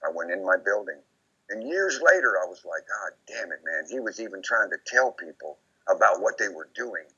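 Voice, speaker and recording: A man being interviewed, rambling and repeating himself as he recounts memories, often quoting others in lively put-on voices. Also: fairly low pitch, fairly quick, slightly rough. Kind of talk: casual recorded conversation. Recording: dull lo-fi recording.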